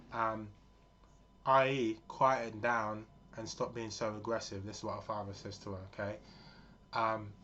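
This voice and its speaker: A man in his forties talks earnestly in a loose, rambling monologue full of fillers. His voice sits a little low. The recording is dull and lo-fi with faint background noise. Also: fairly bright tone. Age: 40s. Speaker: vlogger. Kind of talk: casual spoken monologue.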